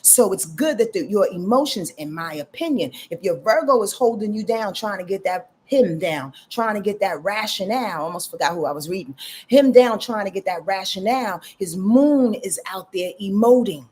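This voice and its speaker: A woman's voice: medium pitch, lively intonation, moderate pace, a little mellow, husky. A woman astrologer giving casual live readings, talking straight to her viewers with lots of "y'all" and "you dig?".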